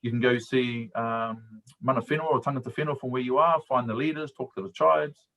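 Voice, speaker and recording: A man's voice: medium pitch, steady tone, brisk, creaky, fairly bright tone, rough recording. A middle-aged man with a New Zealand accent, a coach and guest speaker, telling stories and giving advice in a casual live-stream talk, laughing often and speaking colloquially.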